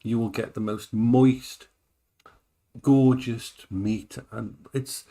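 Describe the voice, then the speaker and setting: A man chats casually while he cooks on a live stream. He rambles, restarts his sentences and often repeats himself. His voice sits at an ordinary middle pitch for a man. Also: steady tone, slow pace, mellow, a little hiss or hum.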